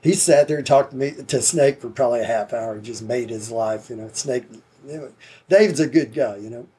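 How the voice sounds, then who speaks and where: A man's voice: mid-range voice, brisk, dark tone, slightly rough. A man telling rambling, laid-back stories in casual chat, swearing easily.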